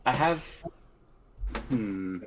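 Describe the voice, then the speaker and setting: A man's voice: medium pitch, expressive, drawn-out words, background noise. A man playing a tabletop game, talking through his turn in a thoughtful, hesitant way. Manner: thoughtful, hesitant, thinks aloud. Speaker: player.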